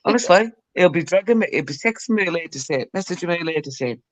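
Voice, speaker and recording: A man's voice: on the high side, animated, fast talker, no room sound. A man hosting a live stream, chatting casually, teasing and swearing a lot. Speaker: livestream host. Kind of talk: casual chat. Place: live stream group call.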